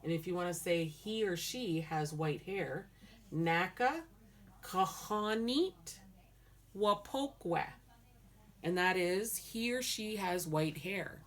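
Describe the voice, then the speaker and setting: A woman's voice: on the low side, a little slow, hardly any pauses. A woman teaching a language lesson, patiently repeating words syllable by syllable. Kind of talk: slow spoken language lesson.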